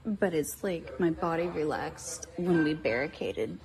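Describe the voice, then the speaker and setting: A woman's voice: low voice, expressive, measured pace, crowd noise. A woman talking in casual chat, urgent and repetitive, with many fillers.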